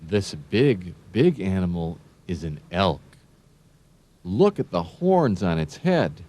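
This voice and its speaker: A man doing scripted narration for young children, speaking in a slow, sing-song, encouraging way and spelling words out letter by letter. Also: low voice, very animated, warm tone.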